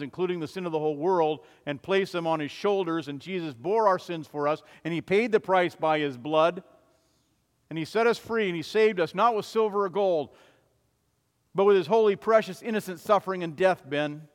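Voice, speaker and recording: A man's voice: a little high, normal speed, big-room sound, voice pushed up, lightly acted. A man voicing an urgent pleading sister. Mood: earnest. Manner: urgent, pleading, rising to loud. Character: pleading devout adult sister.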